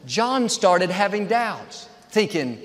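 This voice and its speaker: A high-pitched male pastor delivers a sermon in short, repeated phrases that build toward each point. His voice rings out with a long reverb, as if filling a large hall. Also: sing-song, slow pace.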